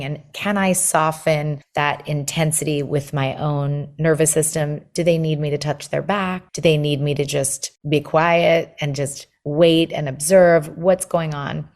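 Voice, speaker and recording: Low-voiced woman explaining parenting steps. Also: a little mellow. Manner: explains step by step, acts out parent and child thoughts. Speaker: guest, parenting book author. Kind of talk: conversational podcast interview.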